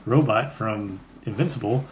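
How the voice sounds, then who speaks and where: Laid-back guy with a lowish voice wandering through a comic summary, faint hiss. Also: normal speed, recorded from a distance. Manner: easygoing, meandering explanations. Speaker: podcast co-host. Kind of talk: casual chat about comics. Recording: roomy room, faint noise.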